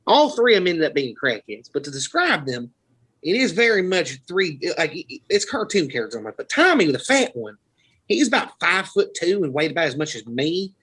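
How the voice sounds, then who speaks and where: A man's voice: fairly high pitch, big pitch swings, fairly quick, a bit bright, slightly rough, poor audio. A man from Florida, a podcast host telling rambling, profane stories in casual chat. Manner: rambling, profane, laughing storyteller.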